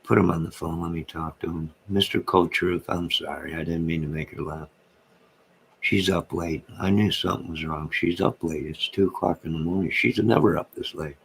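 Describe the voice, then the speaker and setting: Hosting a late-night stream from his home, a man reads his chat and responds with rambling, jokey banter. He speaks in a low, husky voice with vocal fry, fairly even intonation and a moderate pace.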